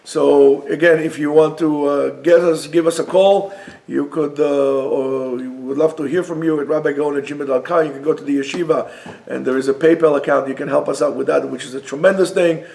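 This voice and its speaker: A man, a rabbi, giving a Torah lecture, emphatic and rising to near-shouts on key points. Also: fairly high pitch, steady tone, a little fast, vocal fry. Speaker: rabbi teaching a class. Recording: roomy echo.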